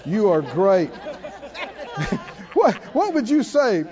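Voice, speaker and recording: A man's voice: high-pitched, huge pitch swings, measured pace, mellow, long reverb tail, highs cut off, a faint crowd. A man preaching a sermon, emphatic and calling out to the congregation. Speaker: pastor.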